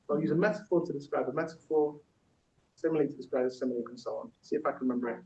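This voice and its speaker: A man's voice: on the high side, racing, a little mellow. A man running a workshop, talking in a loose, chatty way with many fillers and restarts, and breaking into spoken-word poetry. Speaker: workshop facilitator. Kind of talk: teaching workshop with spoken-word poem performance. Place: large echoey workshop room. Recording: roomy, distant, dull room recording.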